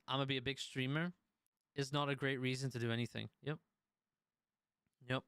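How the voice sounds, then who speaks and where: A man's voice: medium pitch, a bit bright, smooth, dry recording, clean studio sound. A man streaming, chatting casually about his experiences, with many restarts and the odd swear word. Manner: conversational, restarts and swears while telling a story.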